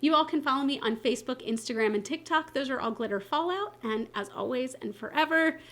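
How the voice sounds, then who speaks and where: A woman in her thirties chats to her viewers as a beauty vlogger, her voice sitting a little high. She talks in a loose, animated way, full of casual fillers and playful asides. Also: fairly quick. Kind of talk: casual chat to camera.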